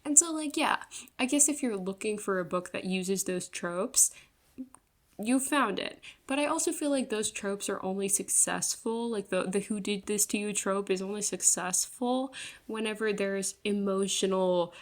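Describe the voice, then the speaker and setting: A woman's voice: mid-range voice, moderate pace. A young woman giving a casual, rambling book review, full of fillers, swearing and exasperated laughs.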